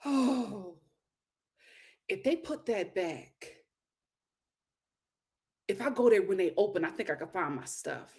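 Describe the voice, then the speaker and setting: A woman hosting a casual reality TV recap, talking in an animated, exclamatory way with lots of incredulous reactions. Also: mid-range voice, slow, long pauses. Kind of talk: casual chat.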